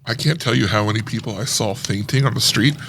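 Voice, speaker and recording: Man, podcast co-host, gravelly, bright and lively, banters, faint background hum. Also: fairly low pitch. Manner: banters, chimes in with quick agreement. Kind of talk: casual chat.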